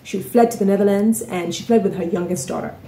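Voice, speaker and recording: A woman's voice: medium pitch, fast talker, mellow. A woman telling a story in a casual vlog, chatty, often asking "right?" and "you know". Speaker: author and vlogger. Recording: roomy echoey room.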